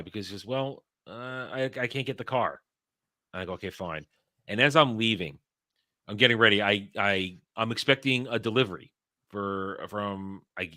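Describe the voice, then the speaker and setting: Man, podcast host, casual storytelling, profane, animated, forceful tone, dry close sound. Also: fairly low pitch, no room sound. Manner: profane, animated, frequent restarts.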